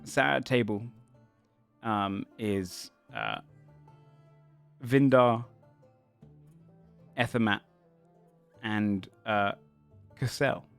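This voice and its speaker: A man runs a tabletop game, describing scenes in loose, rambling sentences full of "um" and "kind of". His mid-pitched voice has a gravelly grain, with faint music underneath. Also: lively intonation, very slow, long pauses, a bit bright. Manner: rambling, filler-heavy description. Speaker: game master.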